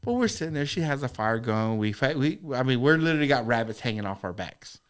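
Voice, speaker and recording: A man guesting on a podcast, telling stories in casual chat, animated, swearing a lot and repeating himself. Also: medium pitch, quick pace, clear, resonant tone.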